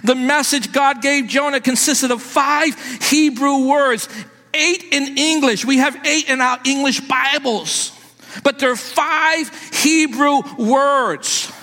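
A man's voice: very high voice, bright, forceful tone, in a large hall. A man preaching a sermon to his congregation in a church, emphatic, and calling out to them. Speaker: pastor. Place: church sanctuary.

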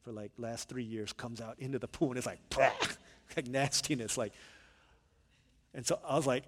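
Animated male preacher in a big hall. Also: medium pitch, moderate pace, background noise. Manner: animated storytelling, conversational. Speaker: pastor. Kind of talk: sermon. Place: church sanctuary.

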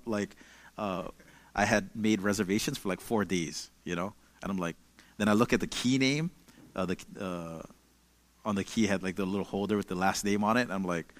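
Young male pastor, lowish voice, chatty storyteller with many fillers, close dry recording. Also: moderate pace, fairly bright tone, no echo. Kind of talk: casual conversational sermon.

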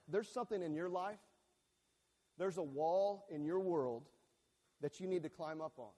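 A male pastor delivers a sermon in a fairly high voice that rings out with a long reverb, as in a large sanctuary. He is earnest and emphatic. He repeats his key phrases, doubles words and restarts them as he presses his point. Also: measured pace, pauses often, warm tone. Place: church sanctuary with a screen behind him.

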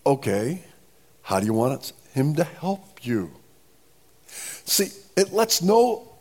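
A man's voice: a little high, breathy edge. A middle-aged man preaching a sermon as pastor, acting out pleading prayers with a raised voice.

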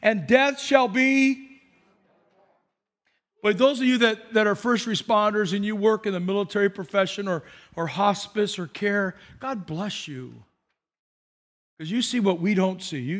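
Male pastor, high voice, animated sermon storytelling, long hall reverb. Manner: animated storytelling with repetitions and asides.

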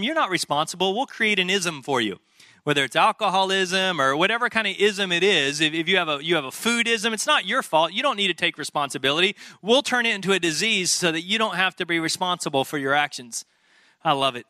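A man's voice: on the high side, sharp tone, dry recording, studio quality. A man preaching a sermon in an emphatic, conversational way, full of rhetorical questions. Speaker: pastor.

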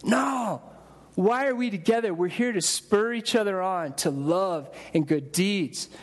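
Pastor, male, higher voice, chatty sermon delivery with restarts. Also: unhurried. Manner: conversational preaching with repeated restarts and acted-out quotes. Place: church sanctuary.

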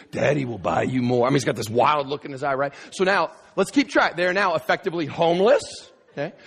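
Male preacher telling a story all animated and jokey, voice swoops up and down a lot, pretty high for a guy. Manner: animated storyteller, humorous, with frequent stammered restarts. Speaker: pastor. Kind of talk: sermon.

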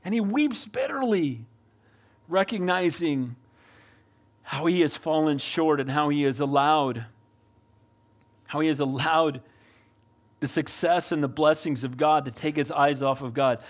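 A middle-aged male pastor preaching a sermon, calling for amens and moving between loud exhortation and quiet reflection. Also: fairly high pitch, a little slow, pauses often. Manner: preachy, calls for amens, shifts from loud to soft.

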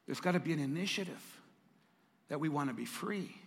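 A man's voice: fairly high pitch, animated, brisk, long reverb tail. A male pastor preaching a sermon, dramatic and repeating lines for emphasis as he calls out to the congregation. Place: church.

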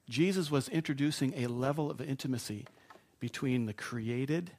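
Male preacher, conversational sermon, joking asides, mid-pitched voice. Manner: conversational, with asides and self-deprecating jokes. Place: church with a live congregation.

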